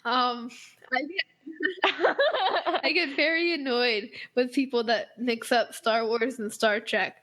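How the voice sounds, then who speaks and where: Chatty teenage girl, bright rambling voice. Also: a little high, slow pace, pauses often. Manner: animated, rambling with many fillers. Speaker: co-host. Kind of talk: casual chat.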